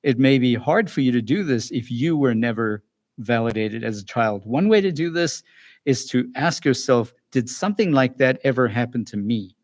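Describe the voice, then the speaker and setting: A man giving a calm, earnest talk to parents as a school psychologist, pausing and restarting now and then. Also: mid-range voice. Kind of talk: recorded lecture for parents.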